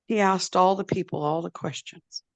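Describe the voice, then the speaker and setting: A woman storyteller telling a traditional tale in a slow, deliberate, repetitive way. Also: on the low side, steady tone, no echo. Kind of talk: oral storytelling.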